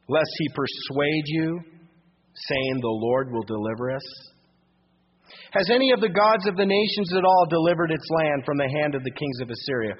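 A man's voice: fairly high pitch, normal speed, slightly rough. A male pastor teaching a Bible passage verse by verse, reading scripture aloud and then restating it in plain, everyday speech. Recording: muffled radio broadcast with long reverb.

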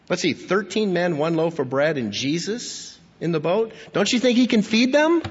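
Male pastor, fairly high husky voice, emphatic sermon, muffled recording with long hall reverb. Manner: earnest, emphatic preaching with rhetorical questions. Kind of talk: sermon with scripture reading.

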